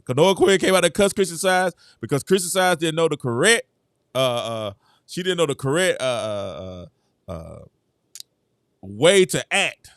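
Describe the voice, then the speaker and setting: A man hosting his own show, giving casual sports commentary in an animated way, laughing often and repeating himself. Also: high voice, no echo, studio quality. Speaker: show host.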